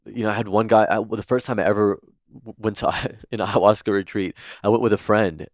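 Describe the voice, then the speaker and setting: A man's voice: on the low side, fairly even intonation, brisk, no echo, studio quality. A man who is a podcast guest, telling stories in a chatty, earnest way with lots of fillers like "like" and "you know.". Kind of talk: casual storytelling in interview.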